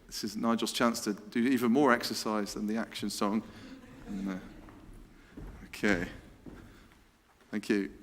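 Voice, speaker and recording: Playful preacher in a church hall. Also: male voice, on the low side, unhurried, pauses often, slight background noise. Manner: playful, excitable, chatty. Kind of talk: lively church talk with a quiz. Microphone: handheld microphone. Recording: reverberant hall sound.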